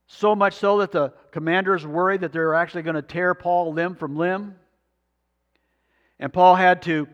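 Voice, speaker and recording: A man's voice: a little high, a bit bright, big-room sound. A man preaching a sermon, reading scripture aloud and asking the congregation rhetorical questions. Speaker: pastor.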